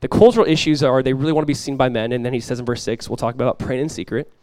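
A man's voice: medium pitch, very fast, darkish tone, no room sound. A young adult male pastor giving a conversational sermon, joking and acting out little quotes.

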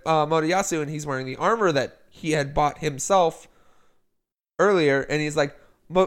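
A man co-hosts a casual podcast chat. He rambles through a plot recap in a fairly high, smooth, clear voice, quoting the characters' lines as he goes. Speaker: podcast co-host.

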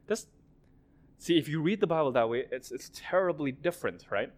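A man's voice: fairly high pitch, lively intonation, fairly quick. A man preaching a sermon in a conversational way, often acting out quoted prayers and remarks.

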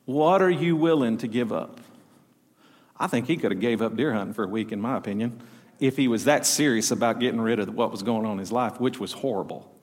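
A middle-aged pastor with a Southern US accent preaches in a church sanctuary, his mid-range, slightly mellow voice moving fairly quickly. He tells folksy stories and trades call-and-response with his congregation, all under the long reverb of the hall.

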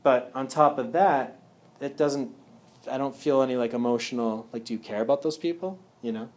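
A man's voice: medium pitch, moderate pace, a little mellow. A man speaking casually to a live audience at a wellness talk. He often checks in with "yeah?" and "right?".

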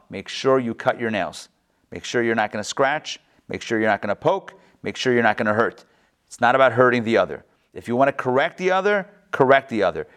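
Earnest male Torah teacher. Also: medium pitch. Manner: earnest, repeats and restarts phrases, stresses key words. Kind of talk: text-based Torah class.

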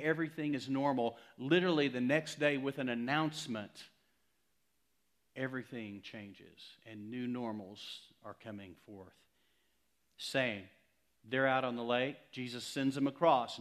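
A male pastor preaching a sermon in a conversational, emphatic way, swinging from loud to hushed. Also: mid-range voice.

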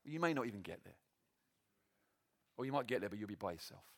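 A man preaching a sermon to a church meeting, animated and self-deprecating, often breaking into laughter. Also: fairly low pitch, fast, gravelly.

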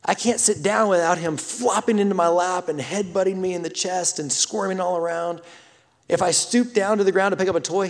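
A man, preaching a sermon that swings from loud scripture reading to hushed whispers. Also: sits high. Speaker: pastor. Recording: long reverb of a large hall.

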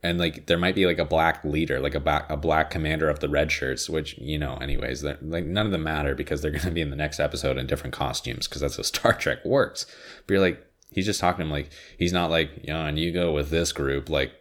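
Deep-voiced guy rambling on his own show, tons of "like"s and swearing, tired and sniffly. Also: steady tone, fast, a bit bright. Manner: rambling, heavy with "like", frequent swearing. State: exhausted and sniffly. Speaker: solo show host. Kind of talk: casual rambling commentary.

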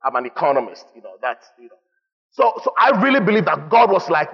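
A man preaching a sermon in an animated way, rising to shouts at times. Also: high voice, quick pace, husky. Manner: animated, rising to shouts when voicing God. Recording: muffled sound in a reverberant hall.

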